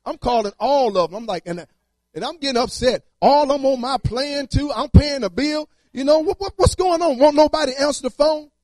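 A man's voice: very high-pitched, fairly quick, a little mellow, no room sound. A man preaching a sermon in repetitive, rhythmic phrases and casual everyday speech.

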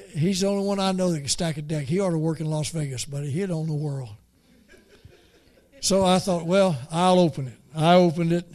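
A man's voice: on the high side, darkish tone. Folksy man telling a sermon story. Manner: folksy, halting with many repeated starts. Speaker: preacher.

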